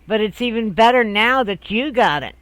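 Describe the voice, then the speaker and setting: A man's voice: high-pitched, animated, normal speed, a bit bright, clean tone, no room sound, pitched above the performer's own voice. A man voicing his father in a told memory, a middle-aged country dad who teases matter-of-factly. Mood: teasing.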